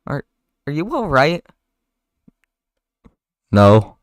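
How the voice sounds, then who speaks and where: A man's voice: a little high, big pitch swings, extremely slow, no room sound, studio quality. A man streamer reading a movie script aloud live, in a casual voice that sometimes stumbles over words.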